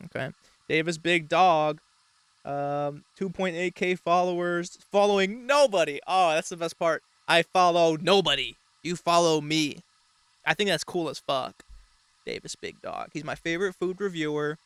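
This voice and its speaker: A man's voice: a little high, moderate pace, fairly bright tone, smooth, dry recording. A man hosting a show, talking in a rambling, mock-serious casual way with frequent swearing. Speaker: show host. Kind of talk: casual comedic commentary.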